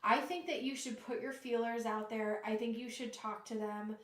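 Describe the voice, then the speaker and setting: Female tarot reader, higher voice, earnest and halting, roomy echo. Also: steady tone, fairly bright tone. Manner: earnest, emotional, halting with restarts. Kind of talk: live tarot reading.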